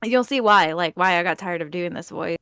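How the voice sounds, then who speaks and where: A woman's voice: on the low side, a little fast, a bit bright, clear, resonant tone, dry recording. Bubbly female voice actor, dry sound. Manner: bubbly, laughs often while telling stories. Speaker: guest voice actor. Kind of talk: casual chat.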